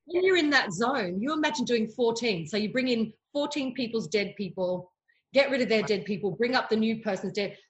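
Aussie lady medium telling stories, candid and chatty, a bit high-pitched. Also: animated, fairly quick, poor audio. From Australia. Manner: candid, storytelling, acts out voices in her anecdotes. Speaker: medium, guest. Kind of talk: casual chat.

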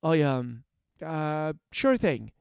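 A man voicing a kindly middle-aged shopkeeper in a read-aloud story, gentle and hesitant with fillers. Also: on the high side, big pitch swings, extremely slow, creaky, clear, resonant tone, no echo, clean studio sound, heavily acted.

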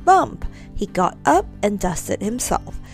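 A woman narrating a children's storybook with gentle, expressive reading. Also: a little high, a little slow, soft background music.

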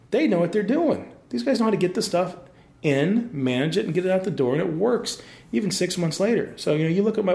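A man's voice: a little high, gravelly, darkish tone, echoey room. A man who is a designer, talking casually and rambling in a live podcast interview, with many restarts and jokes. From Pacific Northwest. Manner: rambling, self-interrupting, jokey. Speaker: guest designer. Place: live event in a university building.

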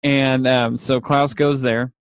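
A man casually recapping a TV episode, retelling scenes with laughter and quick acted quotes. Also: mid-range voice, level tone, clear, resonant tone, no echo. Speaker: podcast co-host.

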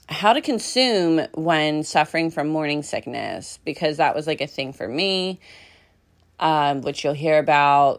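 A young woman hosting a podcast, chatting casually with fillers and light laughs. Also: low-pitched. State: out of breath. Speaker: podcast host.

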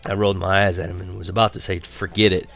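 A man reading a first-person story aloud as narrator, lively and wry. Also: deep voice, fast, gravelly, soft background music. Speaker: audiobook narrator.

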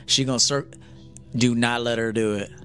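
A man's voice: mid-range voice, steady tone, moderate pace, fairly bright tone, soft background music. A man giving a blunt, profane lecture to men as a dating coach on a livestream.

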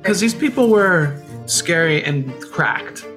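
A woman casually telling a story as a guest, relaxed and acting out quoted voices. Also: lowish voice, slow, soft background music.

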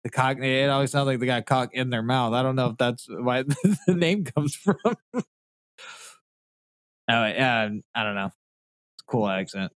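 A man's voice: mid-range voice, unhurried, pauses often, dry recording, studio quality. A man co-hosting a podcast, chatting casually, giggling often and swearing while he rambles. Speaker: podcast co-host. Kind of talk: casual chat.

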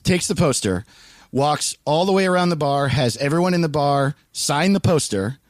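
A man's voice: a little high, expressive, normal speed, dry recording. A man from Los Angeles, a comedian, telling a story in casual chat, often laughing and swearing freely as he animatedly recounts it.

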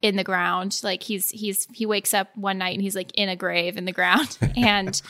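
A woman co-hosting a casual sports talk show, animated and quick to laugh as she acts out what others say. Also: medium pitch. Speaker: sports podcast co-host.

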